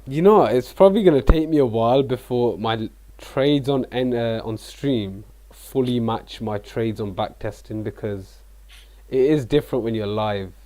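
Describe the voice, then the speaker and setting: A man's voice: medium pitch, normal speed, dark tone. Joking man on a trading stream. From Britain. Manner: chatty, joking, self-mocking. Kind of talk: casual live-stream chat.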